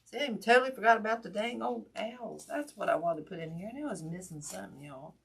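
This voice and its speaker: A woman's voice: mid-range voice, fast, gravelly, a bit bright, slightly rough. A woman hosting a casual wreath-making livestream, folksy and chatty with lots of ums, greeting viewers by name while her hurt hand aches.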